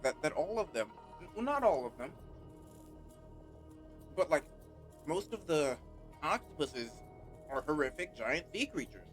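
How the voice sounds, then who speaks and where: A man's voice: on the high side, fairly bright tone. A man casually commenting while playing a game, rambling with many "like"s and unsure guesses. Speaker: game streamer. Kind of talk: casual let's-play commentary.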